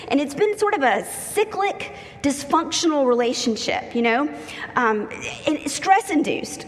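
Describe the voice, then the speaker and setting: Woman, high voice, lively humorous sermon, long reverb of a church hall. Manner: lively, humorous storytelling with acted-out quotes. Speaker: preacher.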